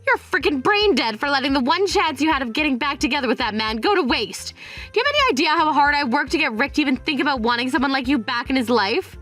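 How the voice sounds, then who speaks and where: A greedy, scornful mother with a high, harsh voice, put on by a woman. She berates and belittles in a sharp, cutting tone, like a voice in a dramatized storybook. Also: animated, fast talker, soft background music. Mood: berating.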